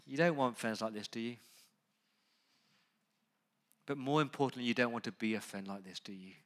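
A man preaching a sermon. He talks straight to the congregation and moves from quiet, conversational asides to loud, urgent emphasis. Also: medium pitch, normal speed. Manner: conversational, asks the congregation direct questions. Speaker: pastor.

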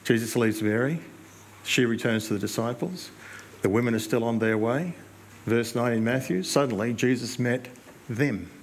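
A male pastor, preaching in a conversational storytelling way with reflective pauses. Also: medium pitch, slight background noise. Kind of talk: sermon.

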